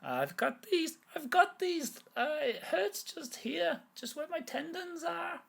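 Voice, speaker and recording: Guy doing a high wobbly old irish farm lady, whiny, rambly, all over the place. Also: very animated, unhurried, gravelly, a bit bright, full character voice. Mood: fussing. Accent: Irish, Donegal attempt. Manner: high, wavering, complaining. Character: old woman farmer, fussy and chatty. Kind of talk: tabletop role-play voice.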